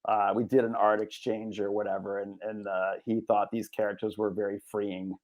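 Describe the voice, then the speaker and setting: A man's voice: on the low side, flat delivery, moderate pace, darkish tone. A man talking as a guest in a casual interview, rambling and acting out what people said to him. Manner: rambling, acts out quoted talk. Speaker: guest, comic publisher.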